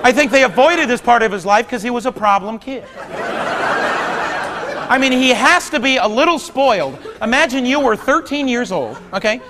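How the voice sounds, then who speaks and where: Wry high-voiced male stand-up comic. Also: expressive, moderate pace, a crowd in the background, background noise. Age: 30s. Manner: wry, conversational, rising to loud outbursts. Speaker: stand-up comedian. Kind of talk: stand-up comedy. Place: theater stage before a large audience. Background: audience laughter.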